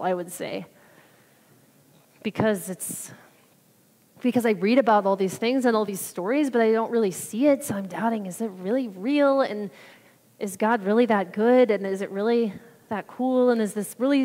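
A woman's voice: a little high, a little mellow. Woman sharing a trip story in a hall. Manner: chatty, rambling, acts out quotes. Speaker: church member giving mission trip report. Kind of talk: casual testimony talk. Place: church sanctuary. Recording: reverberant hall.

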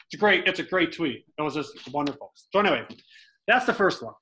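A man's voice: on the high side, fast, a little hiss or hum, poor audio. A middle-aged man casually telling baseball stories in an interview, acting out the quotes he tells. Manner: animated storyteller who acts out quotes with swearing.

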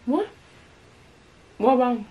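A woman's voice: a little high, expressive, narrow, tinny audio. A young woman hosting a casual eating video at home, playful and joking. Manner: playful, joking, quick to laugh. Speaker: host. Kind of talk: casual chat. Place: home, indoors. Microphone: phone camera.

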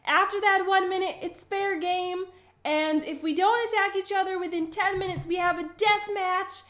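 A woman's voice: very high voice, steady tone, moderate pace, a bit bright, echoey room. A woman co-hosting a casual game session, playful and giggly as she chats. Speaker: gaming co-host. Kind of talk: casual gameplay chat.

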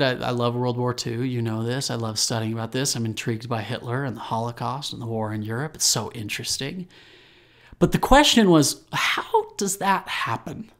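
Earnest young man hosting a podcast. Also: a little high. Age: young adult. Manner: earnest, animated, with fillers and restarts. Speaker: podcast host. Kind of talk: solo podcast commentary.

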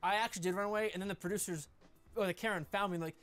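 A young man from New Hampshire talks quickly as a guest in a casual interview, his sentences full of "like". He recounts his story in a rush of half-finished clauses. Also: high voice, steady tone, a bit bright. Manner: fast, filler-heavy storytelling.

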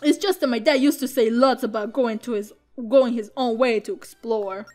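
A woman's voice: fairly high pitch, moderate pace, mellow, faint music behind, close to an everyday voice. A woman reading out a grumpy young man who is fed up with his father. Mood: sulky. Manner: scornful, blunt.

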